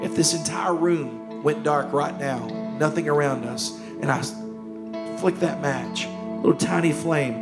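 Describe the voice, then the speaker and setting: A pastor with a voice on the high side preaches in a church sanctuary, urgent and impassioned. Key phrases come back again and again, and at times his voice falls to a hushed tone.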